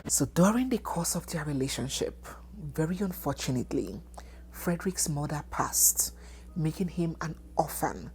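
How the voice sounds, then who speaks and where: A woman narrating a dramatic documentary story, animated and dropping into hushed, whispered asides. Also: low-pitched, moderate pace, a little hiss or hum.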